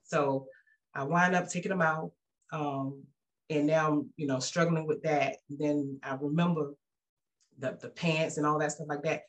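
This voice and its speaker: Here she is a lively woman telling her church testimony at a moderate pace. As a guest storyteller she stays animated, mimicking the voices she quotes with large pitch swings, and her casual speech restarts often.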